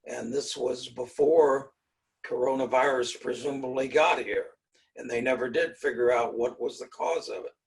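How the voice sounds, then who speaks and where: An older man talks through his ideas in a slow, measured way and keeps clearing his throat. His voice has a gravelly rasp at the bottom. He sounds a little distant from the microphone. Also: mid-range voice, fairly even intonation. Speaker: speaker on fear and self-mastery. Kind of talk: explanatory talk.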